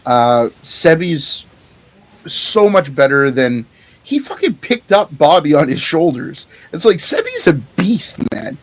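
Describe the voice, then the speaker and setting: This co-host's voice is a little high and slow, with big swings in pitch. He chats casually on a podcast, animatedly recounting a show while cursing freely and laughing often.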